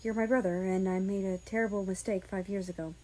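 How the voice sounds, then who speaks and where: A woman's voice: mid-range voice, fairly even intonation, fast talker, dark tone, lightly acted, rough recording. A woman reading aloud, voicing a remorseful young man who earnestly apologizes to his brother. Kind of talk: fan fiction audiobook reading.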